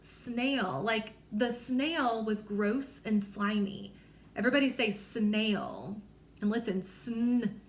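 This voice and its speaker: A woman teacher running a small-group phonics lesson, her voice sitting a little high. She stretches out letter sounds slowly and carefully, cheering the children on as she goes. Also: roomy sound. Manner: apologetic, encouraging. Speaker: reading teacher.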